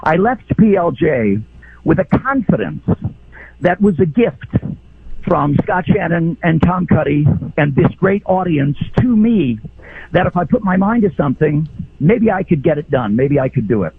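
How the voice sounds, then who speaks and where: Man calling into radio, gravelly and husky, heartfelt reminiscing, tinny phone line. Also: fairly high pitch, big pitch swings, normal speed, dry recording. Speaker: caller, radio host. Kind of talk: call-in radio chat. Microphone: telephone.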